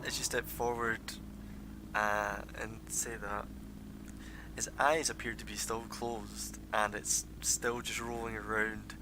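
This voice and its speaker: A man narrating as dungeon master over voice chat, rambling with many fillers, on a noisy low-quality stream. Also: flat delivery, slow pace. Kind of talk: narrating a tabletop game.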